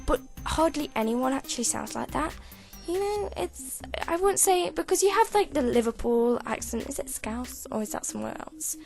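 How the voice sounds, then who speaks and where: A woman's voice: high-pitched, expressive, moderate pace, gravelly, darkish tone, faint music behind. A British woman chatting casually at her home computer during a game-building video, rambling and stumbling over her words with frequent giggles. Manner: rambling, self-interrupting, giggly. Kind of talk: casual gameplay commentary.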